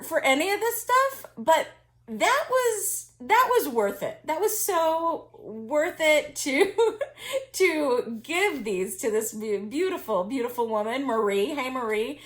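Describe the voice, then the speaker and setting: Speaking in a high, fairly bright voice, a woman who resells vintage finds tells a chatty story. She keeps laughing, leans on fillers, and often starts her sentences over.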